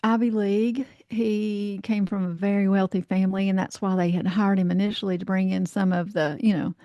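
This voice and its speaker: A woman from North Carolina spins a lively anecdote as a podcast guest. She acts out the voices of the people in her story, leans on "you know" and swears with ease, at a middle pitch. Her voice sounds close and dry, with no room echo. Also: a little fast, highs cut off. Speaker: guest, life coach. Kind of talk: casual storytelling in a podcast interview.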